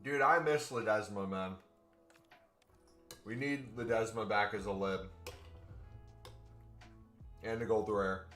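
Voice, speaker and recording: A man's voice: on the low side, slow, long pauses, fairly bright tone, soft background music. A man chatting casually with his stream viewers, rambling with lots of fillers and sometimes talking with food in his mouth. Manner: rambling, filler-heavy, eats while talking. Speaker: gaming streamer.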